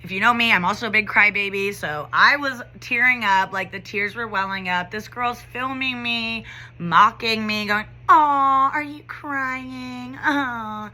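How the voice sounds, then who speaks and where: Bright, forceful young woman teacher. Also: mid-range voice, normal speed. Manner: conversational, frequent "like" and "you know". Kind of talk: casual storytime vlog.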